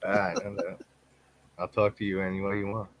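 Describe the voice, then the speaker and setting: A man from the United States co-hosting a casual live stream, easygoing and quick to laugh. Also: low voice, monotone, no echo. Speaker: co-host.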